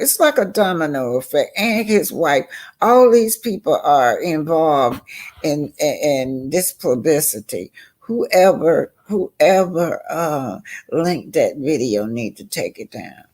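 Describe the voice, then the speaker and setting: An older woman talks through a reality show in a slow, unhurried way. Her voice has a gravelly, creaky edge. She is chatty and emphatic, stretching words out for effect. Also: a bass voice, a little mellow. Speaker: reality TV commentator. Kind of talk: casual commentary.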